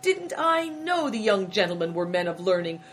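A woman's voice: medium pitch, very animated, moderate pace, slight background noise, natural voice. A woman reading an audiobook, voicing a fawning, chatty male innkeeper who rambles obsequiously and spouts proverbs. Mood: chattering. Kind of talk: audiobook character voice.

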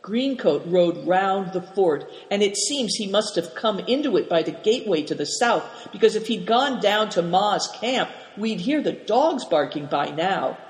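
A steady storybook narrator reading aloud at a moderate pitch. The voice rings through a roomy hall with a long reverb tail. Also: unhurried, few pauses.

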